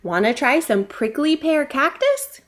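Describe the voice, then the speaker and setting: A woman's voice: sits high, sing-song, measured pace, pitched above the performer's own voice. Woman reading a friendly jackrabbit.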